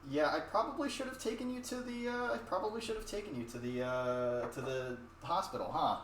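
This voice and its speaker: A man's voice: fairly high pitch, lively intonation, brisk, fairly bright tone, slight background noise, voice pushed up. A brusque, dismissive mother, as a man puts her on. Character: blunt, unsympathetic middle-aged mother. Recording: echoey room, distant mic.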